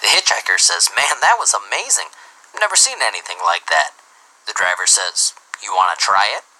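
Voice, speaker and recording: A man reading dirty jokes aloud as an animated storyteller who starts many lines with "well". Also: fairly low pitch, normal speed, low-quality recording.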